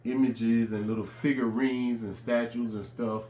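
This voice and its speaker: A man casually telling a personal story in a relaxed, conversational way, with frequent fillers. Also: mid-range voice, unhurried. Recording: roomy echo with faint ambience.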